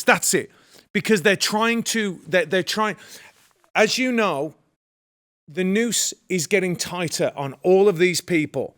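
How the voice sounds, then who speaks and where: A man commenting on politics in a casual chat, forceful and rallying. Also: high voice, normal speed.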